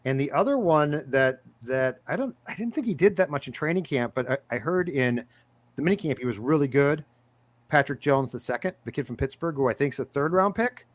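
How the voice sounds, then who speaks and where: A man co-hosting a sports podcast, casually chatting and briskly reading out news. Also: on the high side, lively intonation, dry recording. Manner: brisk, reads lists of names in quick bursts. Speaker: podcast co-host.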